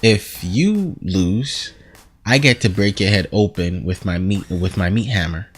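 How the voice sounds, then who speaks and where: A man voicing a menacing old Slavic male god, using a put-on Slavic accent and a slow, drawn-out delivery. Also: sits low, expressive, husky, exaggerated voice.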